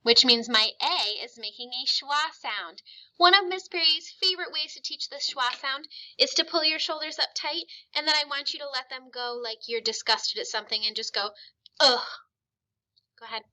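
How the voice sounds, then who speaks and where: A woman teaching phonics with a very bright, clear tone that sits a little high. She is patient and encouraging, and she stretches out each vowel sound slowly so the children can copy it. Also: low-quality recording. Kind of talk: classroom phonics lesson.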